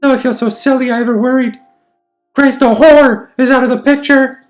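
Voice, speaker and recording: A man voicing an obsessive, clingy young woman in a high, syrupy falsetto. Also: fairly even intonation, normal speed, faint music behind. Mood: gloating.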